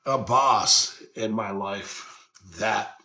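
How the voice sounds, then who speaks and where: A man's voice: fairly low pitch, extremely slow, bright, forceful tone. A man hosting a podcast, giving casual motivational talk in a blunt, earnest way, swearing freely and circling back over his points. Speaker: podcast host.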